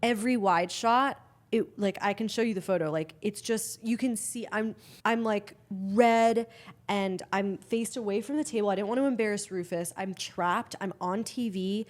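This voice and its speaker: A woman's voice: mid-range voice, moderate pace. Woman rambling thru a story on a podcast, lots of restarts, swears a bunch. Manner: swears freely. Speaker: guest. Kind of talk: casual podcast chat.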